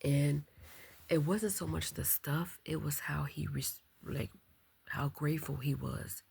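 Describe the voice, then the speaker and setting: Woman vlogger, quiet night talk, very breathy with a gravelly fry, soft and thoughtful. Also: steady tone, unhurried. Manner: speaking softly and low to keep quiet; reflective, with many ums and likes. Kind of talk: casual late-night vlog.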